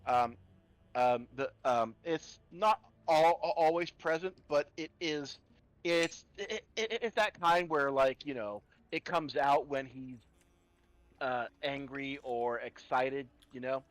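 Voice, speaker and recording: A man's voice: mid-range voice, slow, dry recording, poor audio. A man running a tabletop horror game as game master, often stalling on fillers and restarting sentences. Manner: hesitant, many fillers and restarts.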